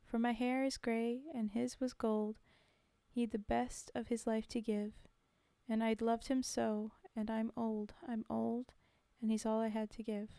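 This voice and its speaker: This streamer's voice sits on the high side, creaky and dark, with a flat, unhurried delivery captured dry. She recites poetry through the desk mic of her streaming setup and chats with viewers in a self-deprecating way between poems.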